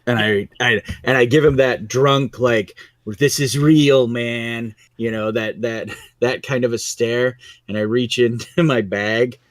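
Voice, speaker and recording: A man's voice: medium pitch, fairly even intonation, measured pace, fairly bright tone, no echo. A man playing in a tabletop game, laid-back and chatty. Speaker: player. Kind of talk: casual game chat.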